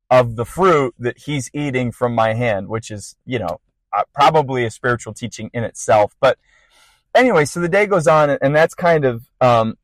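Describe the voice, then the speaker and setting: A young man casually telling a lively personal story on a podcast, full of fillers and laughter. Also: medium pitch, dry recording. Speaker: podcast guest sharing a testimony.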